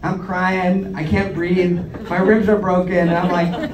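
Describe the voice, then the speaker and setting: On a comedy club stage, a young man in his twenties tells self-deprecating stand-up stories as an animated storyteller. His voice is high and a little slow. The echoey club recording sounds distant, with audience laughter in the background.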